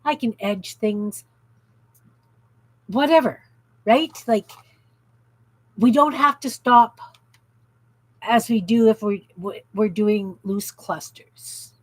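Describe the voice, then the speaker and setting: A woman's voice: on the high side, takes it slowly, long pauses, poor audio. A woman hosting a craft livestream from her home craft room, chatting casually and reading out viewer comments as she works. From Canada. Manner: chatty, reads out viewer comments while working.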